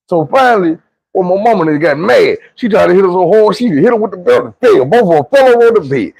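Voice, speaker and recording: A man's voice: high-pitched, sing-song, brisk, gravelly, a little mellow, slightly rough, no room sound, poor audio. A young man with a Southern US accent telling a casual, slangy, profane storytime. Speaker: storyteller vlogger.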